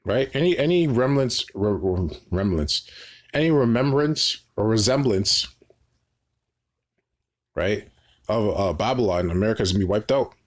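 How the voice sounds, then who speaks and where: Man teaching scripture, low voice. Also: expressive, measured pace, pauses often. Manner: repeats "right?" as a tag, frequent restarts. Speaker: Bible teacher.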